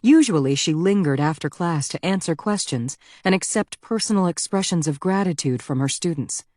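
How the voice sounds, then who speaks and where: A woman narrating a thriller audiobook in a measured, even storytelling delivery on a close mic. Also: fairly low pitch, no echo.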